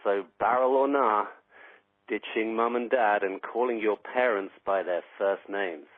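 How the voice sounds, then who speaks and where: Brit caller with a low voice and a dry, wry delivery, heard over a thin, tinny phone line. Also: male voice, a little slow, no room sound. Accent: British. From Britain. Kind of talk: voicemail read out on a podcast.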